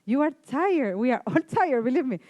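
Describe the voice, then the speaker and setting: A woman from Chile with a Chilean Spanish accent, giving a classroom lecture in a halting way, restarting sentences and filling pauses. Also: sits high, animated, darkish tone, no echo, dull audio. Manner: halting, self-correcting speech with many fillers. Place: lecture room.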